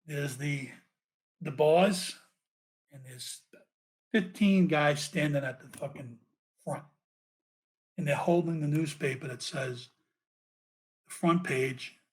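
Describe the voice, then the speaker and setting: Guy swearing a lot while telling a jail story on a podcast, voice a bit on the high side. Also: takes it slowly, pauses often. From United States. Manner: profane, animated storytelling with laughs. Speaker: podcast guest, former police officer.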